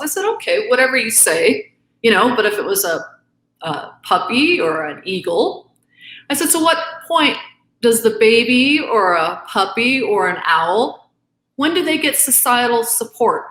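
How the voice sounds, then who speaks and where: A woman's voice: fairly high pitch, animated, a little slow, fairly bright tone, roomy sound. A middle-aged woman giving an impassioned interview as a guest author, earnest and emphatic, acting out both sides of arguments. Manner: earnest, emphatic, quotes arguments back and forth.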